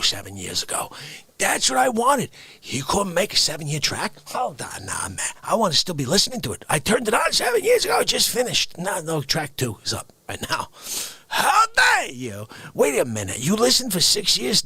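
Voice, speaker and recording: A man hosting a livestream, riffing comedically and swinging between loud shouts and hushed whispers. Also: fairly high pitch, gravelly, slightly rough, no room sound. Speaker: livestream host. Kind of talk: rambling comedic riff.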